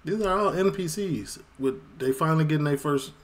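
A man's voice: fairly high pitch, a little fast. A man from Chicago giving casual reaction commentary with joking, laughing asides. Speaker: reaction video host.

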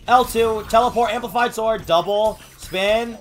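A man streaming a fighting game, cursing at his opponent and calling out his button inputs in quick bursts. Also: high-pitched, soft background music. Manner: profane, yelling at the opponent. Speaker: gamer streamer. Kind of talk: live gameplay commentary.

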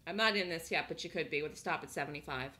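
A woman's voice: low voice, very fast, pushed and bright. A woman hosting a live day trading room, chatting casually, laughing often and thinking aloud as she calls trades.

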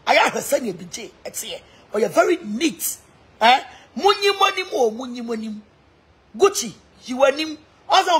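A Ghanaian social media personality with a high, breathy-edged voice mixes Twi and English during a live stream, mocking and taunting people online in a laughing rant.

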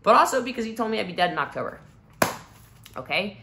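A woman in her thirties telling a personal story to the camera in an animated, expressive way, swinging from hushed to loud. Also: medium pitch, quick pace, creaky, noisy background. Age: 30s. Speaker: vlogger.

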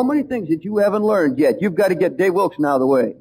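A middle-aged man delivers a sermon in an emphatic, storytelling manner. His voice sits fairly high for a man, and he leans hard into each point with fervent conviction. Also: expressive, fast talker, hardly any pauses, darkish tone, husky, low-quality recording. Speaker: preacher.

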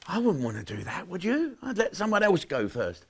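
A middle-aged man doing a brash, mocking comic monologue, swinging from loud jokes to muttered asides. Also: sits high, wildly swooping pitch, brisk, hardly any pauses, breathy edge. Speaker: comedian hosting his own channel.

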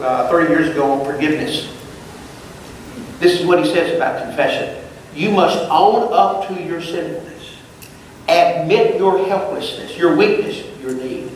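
A man's voice: fairly high pitch, slight background noise. A man teaching a Bible class, reading verses aloud and explaining them phrase by phrase. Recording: distant mic in a very echoey room.

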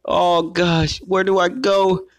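A man with a slightly high voice giving let's play commentary. He sounds excitable and keeps talking straight to his viewers as he plays. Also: takes it slowly, dry recording. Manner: excitable, calls himself "your boy", keeps addressing viewers as guys. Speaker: gaming YouTuber.

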